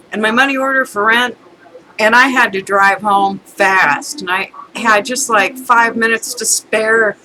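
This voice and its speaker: A woman's voice: fairly high pitch, pushed and bright, slight background noise, poor audio. A middle-aged woman telling a rambling, chatty story in a casual rant, breaking into laughter now and then. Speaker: vlogger.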